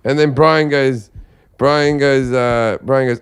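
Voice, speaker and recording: A man telling a comic story in casual podcast chat, animated, acting out voices and laughing often. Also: medium pitch, slow, clean tone.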